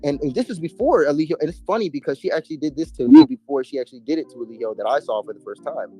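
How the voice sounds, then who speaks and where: A man's voice: fairly high pitch, animated, rapid-fire, warm tone, husky, soft background music. A man telling his story in a casual interview, emphatic and heavy on slang and swearing. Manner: emphatic, profane, street slang. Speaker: interview guest.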